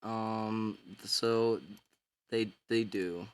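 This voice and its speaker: A man's voice: lowish voice, steady tone, extremely slow, clear, resonant tone. A man casually retelling a book's story in a rambling, slangy way, full of filler words. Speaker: book summarizer.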